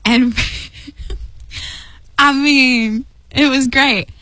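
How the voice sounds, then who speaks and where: A woman with a somewhat high voice shares a personal story in a casual, chatty way. She keeps it lively and laughs easily. The sound is dry and close, with no room around it. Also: very slow, no echo, poor audio. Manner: lively, chatty, laughs often, acts out her own lines. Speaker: storyteller sharing a faith testimony.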